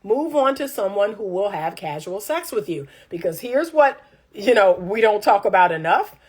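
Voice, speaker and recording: A woman's voice: medium pitch, big pitch swings, moderate pace, darkish tone, slightly rough. A woman relationship coach chatting casually and reading viewer comments. She is emphatic and repeats lines for punch.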